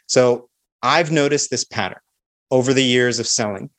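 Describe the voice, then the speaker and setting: A man of ordinary pitch explains, confident and instructive, how to open a sales call. He talks through each step in a clear, practical way. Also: moderate pace, a bit bright. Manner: confident, instructive, acts out sample calls. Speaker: sales expert guest.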